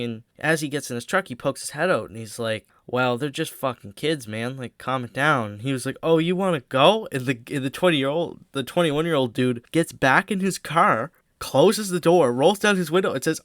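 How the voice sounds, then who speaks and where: A teenage boy rambles through a storytime in a casual vlog, cracking profane jokes as he goes. His voice is smooth and clear. It is recorded close and dry. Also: mid-range voice, fairly bright tone, no echo. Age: teens.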